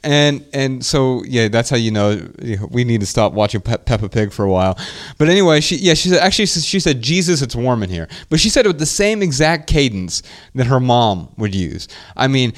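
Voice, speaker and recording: A man's voice: medium pitch, a little fast, hardly any pauses. A man in his thirties co-hosting a podcast, telling family stories in a casual, reflective way. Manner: reflective, storytelling, animated when quoting his daughter. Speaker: podcast co-host.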